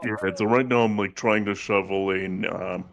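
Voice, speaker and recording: Low-voiced male co-host, casual and halting, loaded with fillers. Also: steady tone, a bit bright, lo-fi sound. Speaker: stream co-host and student. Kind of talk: casual livestream chat.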